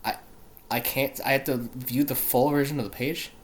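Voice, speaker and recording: A man's voice: medium pitch, fairly even intonation, normal speed. A man hosting a casual solo show, reading out news quiz questions and reacting with frequent swearing and exasperation, stumbling over place names. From not British. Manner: profane, exasperated, self-interrupting. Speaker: show host.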